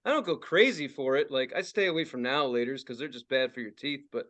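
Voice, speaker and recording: A man's voice: medium pitch, fast talker, fairly bright tone. A man in his forties ranting and swearing as a podcast co-host, laughing often in casual talk. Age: 40s. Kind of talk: casual profane podcast rant.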